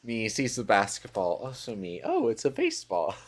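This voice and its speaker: A man's voice: fairly low pitch, wildly swooping pitch, normal speed. A man streaming a dating game, reading its text aloud and joking with playful, self-mocking asides.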